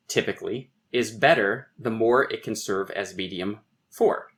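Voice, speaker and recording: Low-voiced man explaining like a professor. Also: normal speed, a bit bright. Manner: professorial, thinking aloud with restarts. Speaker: poet and guest. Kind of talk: podcast interview, explaining.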